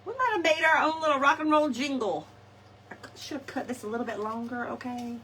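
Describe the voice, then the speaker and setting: A high-voiced woman talks fairly quickly in a fairly bright tone while crafting live, laughing often and speaking to her viewers. There's a little hiss or hum, and the distant mic catches faint ambience.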